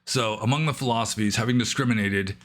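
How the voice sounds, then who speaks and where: A man answering questions in a casual, rambling way, thinking aloud with many fillers and slowing down to read verse carefully. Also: lowish voice, fairly bright tone. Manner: careful, slow reading of Pali verse. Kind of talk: casual explanatory talk.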